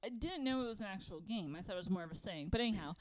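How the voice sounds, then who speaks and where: A woman's voice: mid-range voice, expressive, very fast, crowd noise. A woman co-hosting a casual podcast, reading her notes aloud between laughs. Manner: reads prepared bits aloud with frequent laughs. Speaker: podcast co-host.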